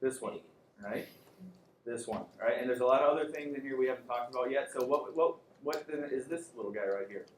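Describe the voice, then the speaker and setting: A man lecturing a classroom in a relaxed, joking way, tossing questions at his students. His voice sits at an everyday middle pitch and rings off the walls of a roomy hall, with a faint hum of room noise behind it. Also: fairly quick. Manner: casual, joking, quizzes the class. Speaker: anatomy and physiology instructor.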